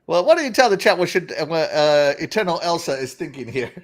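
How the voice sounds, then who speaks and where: Giggly high-voiced male podcast host. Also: fast talker. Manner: giggly and excitable, laughs through his lines. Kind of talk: casual podcast chat.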